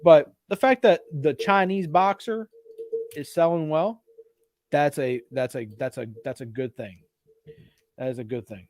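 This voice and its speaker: Man, fairly high voice, dry close sound, animated casual film chat, cusses freely. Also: a little slow, no room sound. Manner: animated, swears freely, does mocking put-on voices. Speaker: podcast co-host. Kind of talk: casual chat about films.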